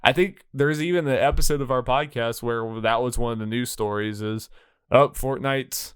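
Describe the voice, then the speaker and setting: A man chatting casually as a podcast co-host, rambling and restarting his sentences, packing in filler words. His voice is smooth and clear, recorded close and dry with no room sound. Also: mid-range voice, fairly even intonation, brisk, dry recording. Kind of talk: casual chat.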